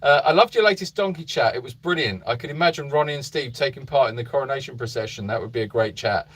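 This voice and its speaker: A man's voice: medium pitch, fast talker, a bit bright, slightly rough. A man hosting a casual live stream for an animal sanctuary from a narrow boat, reading viewers' comments aloud and greeting each by name in a chatty, meandering way.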